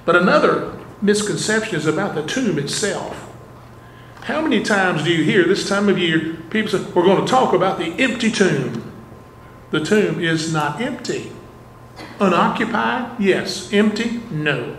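A man's voice: high-pitched, lively intonation, measured pace, a bit bright, slight background noise. A man preaching a sermon as a pastor, earnestly putting rhetorical questions to his congregation. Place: church sanctuary. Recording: echoey church room, faint ambience.

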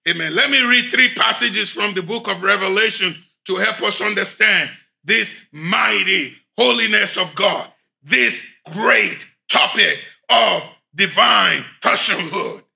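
Gravelly, bright-voiced preaching man. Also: high-pitched. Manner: preaching with sudden shouted emphasis. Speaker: pastor. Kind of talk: sermon.

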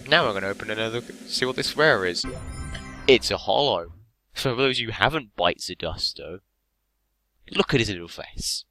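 A man's voice: lowish voice, animated, moderate pace, pushed and bright, soft background music. A young man with an English accent, opening card packs on camera in hyperactive, sweary casual commentary. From England. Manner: hyperactive, swearing, laughing often.

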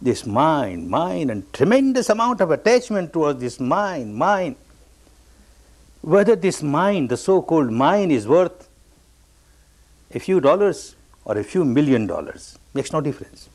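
A man's voice: a little high, big pitch swings, a little slow, a little mellow. An older man from Burma, a meditation teacher giving a spoken dharma talk, telling stories with emphatic repeated refrains. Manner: repetitive and emphatic, storytelling with refrains.

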